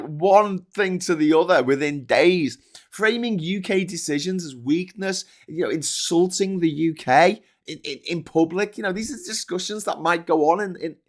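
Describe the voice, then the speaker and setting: A man hosting a casual monologue, swearing a lot as he rants. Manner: sweary, ranting, mimics in high squeals. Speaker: host.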